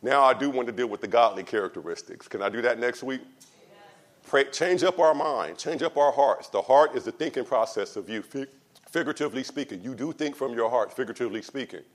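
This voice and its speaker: A male pastor preaching a sermon, calling out to the congregation, building to loud, drawn-out passion and then dropping low and quiet. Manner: calls out to the congregation.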